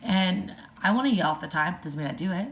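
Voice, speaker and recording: Lower-pitched woman giving parenting advice. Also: animated, brisk. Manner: direct, advising, chatty with fillers. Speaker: parenting coach. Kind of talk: podcast monologue.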